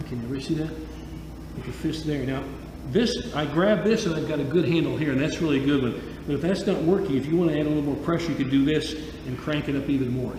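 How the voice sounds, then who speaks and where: A man's voice: mid-range voice, background noise. A man teaching a judo armlock on the mat, explaining each step and checking in with "okay?" as he demonstrates. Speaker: judo instructor. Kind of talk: instructional demonstration. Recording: echoey hall, far from the mic.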